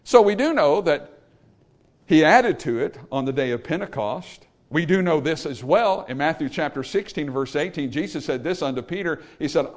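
A man preaching a Baptist sermon, emphatic, swinging between loud peaks and low trailing endings, calling for amens from the congregation. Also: animated, moderate pace. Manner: calls for amen from the congregation. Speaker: Baptist pastor.

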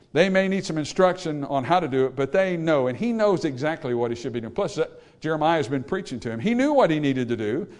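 Emphatic preaching man, higher voice. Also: a little mellow. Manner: preaching with rising emphatic calls to the congregation. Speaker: pastor. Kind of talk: sermon.

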